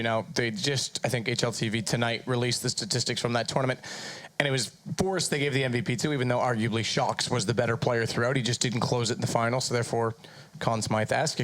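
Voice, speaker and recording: A man's voice: medium pitch, a bit bright. A man with a Canadian accent hosting an esports studio desk, chatty and playfully exasperated. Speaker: desk host. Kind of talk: esports broadcast desk banter. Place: broadcast studio.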